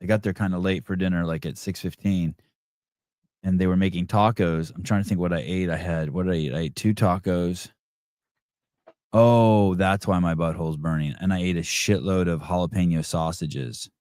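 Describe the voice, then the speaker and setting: A podcast host chats casually in a deep, steady, slightly mellow voice at normal speed. He rambles and swears, constantly restarting sentences and using lots of fillers. The sound is clean studio audio with no room sound.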